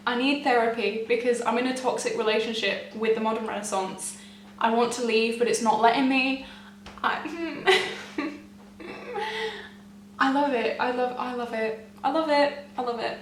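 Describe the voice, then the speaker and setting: Excitable young woman vlogging, kinda high voice, roomy echo, mic a bit far off. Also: normal speed, a little hiss or hum. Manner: gushing and excitable; chatty with frequent laughs. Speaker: beauty vlogger. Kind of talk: casual chat to camera. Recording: echoey room, mic at a distance.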